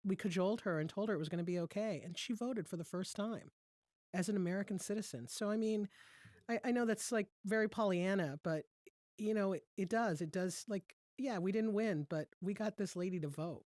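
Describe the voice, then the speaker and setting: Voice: medium pitch, a little fast, a little mellow, no echo, clean studio sound. A podcast co-host telling an earnest campaign story with fillers such as "you know". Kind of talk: casual podcast chat.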